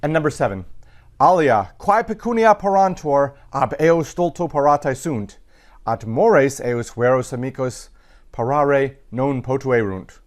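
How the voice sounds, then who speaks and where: A man teaching Latin, working slowly through sentences and parsing each word aloud, with frequent pauses and fillers. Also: medium pitch, animated. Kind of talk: recorded grammar lesson.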